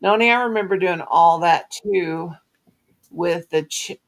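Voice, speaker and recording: A woman's voice: lowish voice, a little slow. A middle-aged woman, hosting a live crafting chat and telling folksy, blunt stories. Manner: folksy storyteller, earthy and blunt. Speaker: craft stream host. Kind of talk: casual chat on a live stream.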